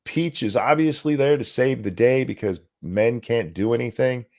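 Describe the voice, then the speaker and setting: A man co-hosting a casual podcast chat, animated and profane, tripping over words as he reads viewer comments aloud. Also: medium pitch, normal speed. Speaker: co-host.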